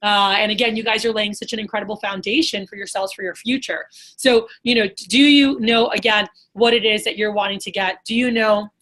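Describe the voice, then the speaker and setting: A woman sales trainer giving an energetic, casual motivational talk, full of rhetorical questions and fillers. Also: mid-range voice, a little fast.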